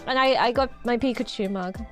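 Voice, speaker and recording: An excitable woman chats on a live stream, her voice sitting a little high. She rambles, repeats herself and giggles between thoughts. Faint music plays underneath. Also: brisk. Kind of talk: casual livestream chat.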